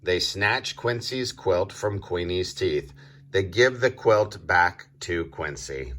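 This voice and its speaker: A man reading a picture book aloud to young children, slow and deliberate, pausing to quiz his listeners. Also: sits low, expressive, bright, forceful tone. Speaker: children's story reader. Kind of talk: read-aloud storybook for kids.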